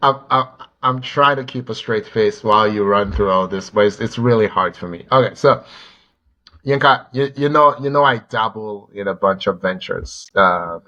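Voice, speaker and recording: A man co-hosting a sports podcast, telling stories in a rambling, animated way and often repeating words. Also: fairly low pitch, normal speed, muffled recording. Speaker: podcast co-host. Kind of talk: casual sports chat.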